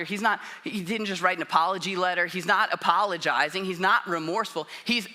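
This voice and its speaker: A man's voice: high voice, sharp tone. A man preaching a sermon in a casual, conversational way, often acting out quotes. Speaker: pastor.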